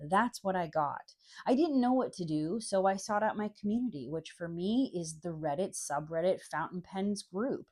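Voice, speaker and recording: A young adult woman reviewing a fountain pen in a vlog, telling the story with lively acted-out emails and replies. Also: lowish voice.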